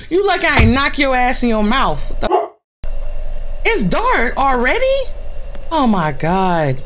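A woman gamer giving loud, reactive commentary on horror games, swearing and calling out to viewers as y'all. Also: fairly high pitch, noisy background. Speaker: gaming channel host. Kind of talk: horror game let's play commentary.

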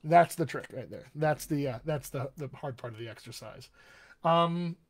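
A man's voice: on the high side, normal speed. An American man working as a dialect coach, answering viewer questions in a live online session and demonstrating sounds as he explains. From United States.

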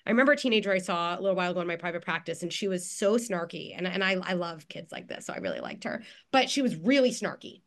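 A woman's voice: lowish voice, expressive, quick pace, few pauses. A woman psychologist giving earnest, reassuring parenting advice on a video call, with frequent restarts and filler words.

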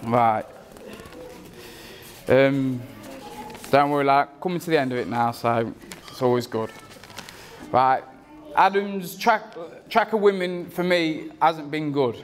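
Lad, young adult, slightly high voice, rambling and teasing wedding speech delivery. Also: male voice, slow pace, pauses often, soft background music. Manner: rambling, joking, teasing, self-interrupting. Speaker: friend giving a wedding speech. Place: wedding reception.

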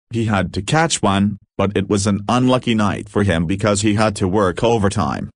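A man reading a story aloud at a steady, even clip. His voice sits a little low, and the recording is dry and close with no room sound. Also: no echo. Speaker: story narrator.

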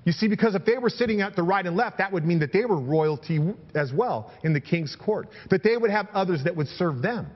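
Animated preaching man in a reverberant hall. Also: sits high, fairly quick, few pauses, lo-fi sound. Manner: preaching with scripture readings and repeated phrases. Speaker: pastor. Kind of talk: sermon.

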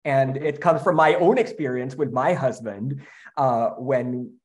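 A man's voice: mid-range voice, darkish tone. Guy talking about his show, earnest, lots of ums and restarts. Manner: earnest, halting, with many fillers and restarts. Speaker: musical writer. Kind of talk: casual panel conversation.

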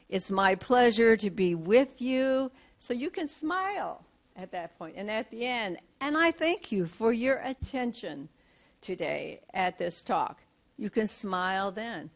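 An older woman teaching presentation skills to a live audience, coaching directly with rhetorical questions and acted-out examples. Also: a little high.

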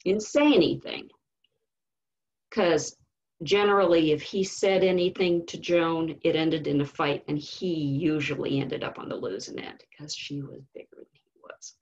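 A woman teaching Sunday school, telling a story in an animated, storytelling way. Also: low voice, a little slow, husky, highs cut off. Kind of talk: storytelling lesson.

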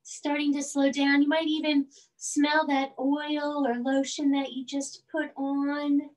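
Woman kids' yoga teacher, high and unhurried, gentle coaxing delivery, recorded from a distance. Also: level tone. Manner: soothing, slow and coaxing, with playful animal sounds. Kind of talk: gentle bedtime yoga instruction.

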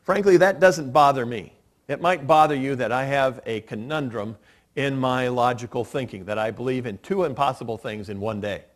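A man's voice: mid-range voice, moderate pace. A male pastor preaching a sermon in a church, explaining steadily with occasional dry self-deprecating humor. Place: church sanctuary.

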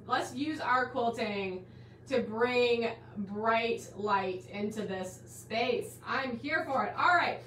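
A bubbly woman hosting a live online class, gushing over her viewers with a high, bright pitch. She sounds a bit distant from the mic, in a roomy space with a faint hiss behind her. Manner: bubbly, gushing, calls viewers guys and my dear. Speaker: host of a live quilting class stream. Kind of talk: enthusiastic live-stream welcome.

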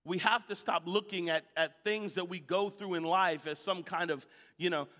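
Guy preaching, lively storytelling, gets shouty, big echoey church. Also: high-pitched, normal speed. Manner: animated storytelling, shouting at peaks. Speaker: pastor. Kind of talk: sermon. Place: church sanctuary. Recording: church hall reverb.

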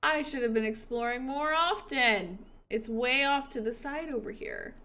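A woman with a fairly high voice chats her way through a video game for her viewers. She speaks at an unhurried pace, playful and quick to poke fun at herself. It sounds like casual let's-play commentary. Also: lively intonation, bright, forceful tone. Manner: chatty and playful, joking at herself; talks to her viewers while playing. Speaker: game streamer.

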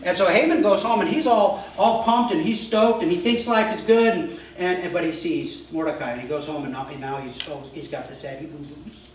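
A man's voice: sits high, brisk, hardly any pauses, recorded from a distance, slight background noise. A male pastor giving a casual sermon, retelling a story with humorous asides. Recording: echoey church hall, mic from afar.

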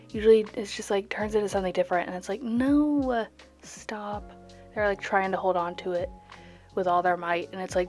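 A young woman chats while she paints, rambling from thought to thought and second-guessing herself as she goes. Her voice sits at a middle pitch. Faint music plays underneath. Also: darkish tone. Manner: rambling, chatty, self-questioning. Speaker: art vlogger. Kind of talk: casual chat while painting.

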